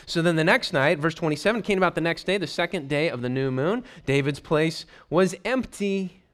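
A man's voice: fairly high pitch, animated, normal speed, a bit bright. A man preaching a verse-by-verse sermon, reading scripture aloud and explaining it with questions to the congregation. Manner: reads scripture aloud then explains it, asking the listeners questions. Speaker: pastor. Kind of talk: expository sermon.

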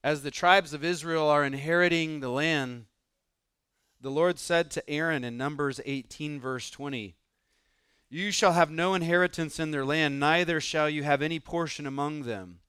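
A man's voice: a little high, moderate pace, a bit bright, clear, resonant tone, no echo, studio quality. A man preaching a sermon in an earnest, conversational way, asking the listeners questions and putting on voices for the people in the story.

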